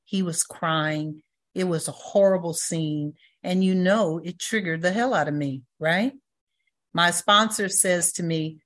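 Older woman with a low, grounded voice, sharing her recovery testimony as a lively storyteller. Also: measured pace. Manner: storytelling, acts out quoted voices, laughs. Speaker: recovery meeting speaker. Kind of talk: personal testimony talk.

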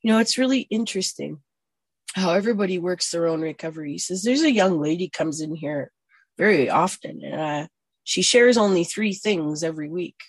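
A woman in her forties, blunt and profane, telling her own recovery story and swinging from hushed to loud. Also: lowish voice, animated, brisk, breathy edge, no room sound. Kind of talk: personal recovery testimony.

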